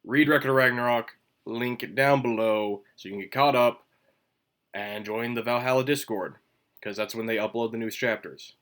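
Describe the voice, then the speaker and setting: A man's voice: steady tone, moderate pace, a bit bright. A man talks through a casual solo commentary video while chewing gum. He rambles from point to point and now and then jumps into an emphatic burst. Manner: emphatic bursts with sudden rises in pitch. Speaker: manga commentary video host.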